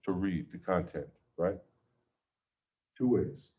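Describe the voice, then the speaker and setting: A man with a low, mellow voice leads an informal religious class. He talks in a loose, conversational way and keeps checking in with his listeners, asking "okay?" and "right?" as he explains. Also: animated, slow, muffled recording. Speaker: Islamic teacher.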